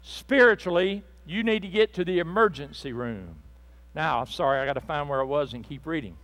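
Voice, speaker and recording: A man preaching a fervent sermon to a church congregation, swinging between loud bursts and hushed asides. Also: a little high, animated, fairly quick. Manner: speaks to the congregation directly, with asides and apologies.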